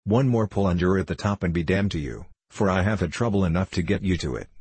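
A rough, impatient male coachman who grumbles and curses at his horses, as a man voices him. His voice is low and husky, recorded dry and close. It belongs to an old-time storybook. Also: animated, quick pace, a little mellow, no room sound. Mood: vexed. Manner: vexed, cursing grumble.

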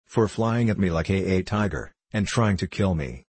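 A man's voice: low voice, lively intonation, normal speed, a little mellow, breathy edge, dry recording. A man reading the lines of a spiteful, cowardly boy bully in an audiobook, with a taunting, whiny manner. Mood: furious.

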